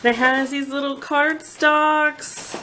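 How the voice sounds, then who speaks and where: A woman's voice: sits high, little pitch movement, slow, bright, forceful tone, slight background noise. Gushing, flustered woman vlogger. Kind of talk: casual unboxing chat. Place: home, at a kitchen table.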